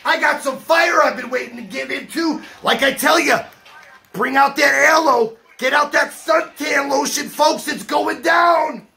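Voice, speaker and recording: Hype-man host, man, high bright voice, shouting through an unboxing with faint music behind. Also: unhurried, creaky. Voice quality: loud hype-man delivery with catchphrases. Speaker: collector hosting an unboxing. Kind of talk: hyped unboxing vlog. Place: home collection room.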